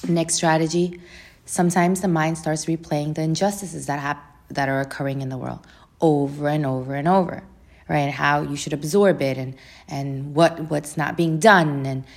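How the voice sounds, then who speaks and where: Low-voiced woman giving self-help tips. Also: steady tone, normal speed. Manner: frequent restarts and "right?" tags. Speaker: host. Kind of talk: casual teaching talk.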